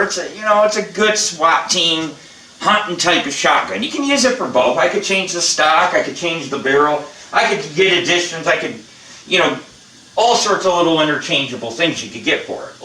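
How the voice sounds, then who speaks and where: A man's voice: a little high, bright, forceful tone, distant mic, a little hiss or hum. Blunt rambling older man, echoey room. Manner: blunt, rambling, profane and chatty. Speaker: channel host. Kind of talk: casual how-to vlog chat.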